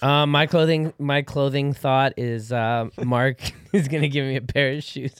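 A man's voice: mid-range voice, fairly even intonation, a little slow, clear, resonant tone, no room sound, studio quality. A young man co-hosting a podcast, joking and laid-back in casual banter. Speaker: podcast co-host.

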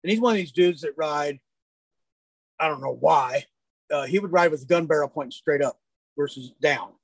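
Man telling animated stories, fairly high voice. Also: normal speed, creaky, breathy edge, dry recording. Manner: animated, folksy storyteller. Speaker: hunting guide. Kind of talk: casual storytelling.

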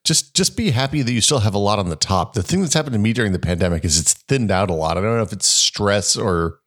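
A man's voice: fairly low pitch, expressive, fast talker, a bit bright. Rambling, dry-humored male podcast co-host. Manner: rambling, self-correcting, dry wry humor. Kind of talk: casual chat.

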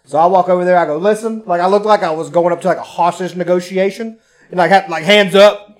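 A man spins a loose, profane story in relaxed conversation, his voice sitting a touch high for a man. He jumps into the voices of the people he describes and swears freely as he goes. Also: quick pace. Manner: profane, animated, acts out quotes. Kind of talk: casual storytelling.

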